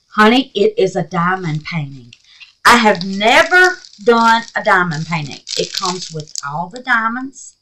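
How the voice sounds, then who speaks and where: A woman's voice: mid-range voice, big pitch swings, moderate pace, a bit bright, slight background noise, poor audio. A woman chatting casually to her viewers as she shows off gifted craft supplies, effusive and affectionate, calling them honey and baby and muttering to herself as she handles things. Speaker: resin craft vlogger. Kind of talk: casual chat showing gifts.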